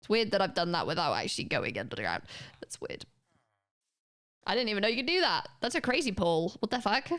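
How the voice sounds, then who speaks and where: A woman's voice: mid-range voice, sing-song, fairly quick, fairly bright tone. A woman, chatting casually and rambling as she streams a game, swearing now and then. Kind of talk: casual gaming commentary.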